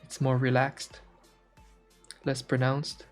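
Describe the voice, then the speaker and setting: Man, relaxed stream chatter, hunts for words, lots of "uh" and restarts, mid-pitched, faint music behind. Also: slow pace. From French-speaking Canada. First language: French. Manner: rambling, searches for words, frequent fillers and restarts. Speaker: art streamer. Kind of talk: casual chat while drawing on stream.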